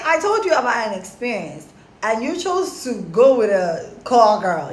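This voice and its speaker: A young woman telling a story casually to her followers, animated and slangy. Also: a little high, a little slow. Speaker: storytime vlogger. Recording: roomy echo, faint background.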